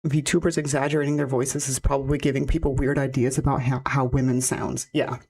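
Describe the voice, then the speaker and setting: A woman with a naturally deep voice, chatting casually on a live stream, rambling with lots of fillers and frequent laughs. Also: flat delivery, fairly quick, dark tone, husky. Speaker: VTuber streamer.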